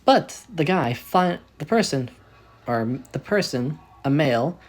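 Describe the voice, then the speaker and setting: A man's voice: on the high side, a little slow. A man casually narrating a fan story, rambling and correcting himself as he goes. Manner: rambling, self-correcting, animated.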